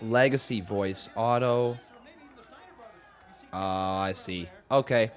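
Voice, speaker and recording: A loud, excitable man hosting a live watch-along stream, chatting and reacting as he goes. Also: fairly low pitch, slow, some chatter behind. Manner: loud and excitable, laughs often.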